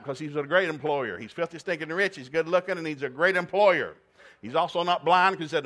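A man's voice: a little high, fairly quick, a bit bright. A man from East Tennessee, preaching a humorous sermon in a folksy, joking, plainspoken way. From East Tennessee, USA.

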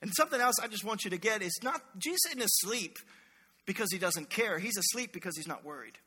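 A man preaching a sermon as a pastor, telling stories with animated energy and acting out the voices he quotes. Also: high voice, quick pace, slightly rough, big-room sound.

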